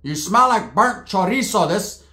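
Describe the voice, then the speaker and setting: Man voicing bossy shouting aunt, higher pitched. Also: expressive, measured pace, exaggerated voice. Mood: scolding. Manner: scolding, bossy. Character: loud scolding middle-aged aunt. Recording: roomy echo.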